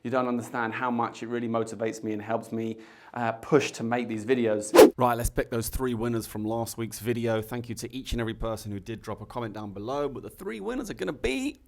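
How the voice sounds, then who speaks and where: A man with an everyday mid-pitched voice talks through a cocktail tasting, relaxed and chatty. He drops jokey asides between sips. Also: fairly quick, gravelly, a little hiss or hum. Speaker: bartender host. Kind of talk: casual tasting chat to camera.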